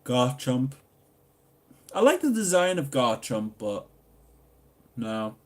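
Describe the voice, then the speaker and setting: The speaker, a young man from Newcastle upon Tyne, England, talks slowly in a mid-range voice with a Geordie accent while answering livestream questions as a YouTuber. He keeps things chatty and jokey, reading chat out loud and bursting into loud excited exclamations.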